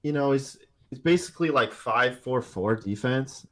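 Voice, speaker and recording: A man's voice: mid-range voice, moderate pace. A man co-hosting a casual tabletop gaming podcast, rambling with lots of fillers and restarts. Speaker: podcast co-host.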